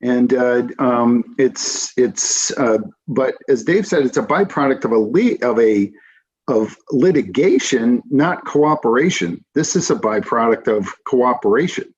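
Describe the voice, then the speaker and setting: A man's voice: mid-range voice, lively intonation, measured pace, breathy edge. A man on a city council speaking in a meeting, frank and dry, stopping and restarting often. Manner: hesitant, many restarts and fillers. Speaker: council member. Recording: slightly dull lo-fi audio.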